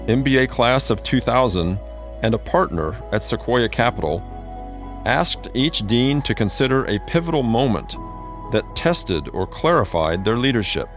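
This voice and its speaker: A man giving scripted podcast narration in a measured, even delivery. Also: mid-range voice.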